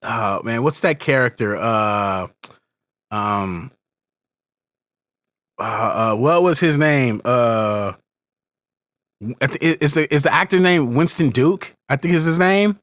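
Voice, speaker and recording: A man's voice: mid-range voice, slow, long pauses, fairly bright tone, no echo. A man co-hosting a podcast, chatting casually as a parent and wandering off on tangents. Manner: rambling, many restarts and tangents. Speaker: podcast co-host. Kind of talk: casual conversational podcast chat.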